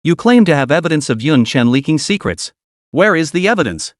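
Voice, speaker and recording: A man's voice: a little high, very animated, a little fast, no echo, studio quality. A man voicing a stern old official demanding answers.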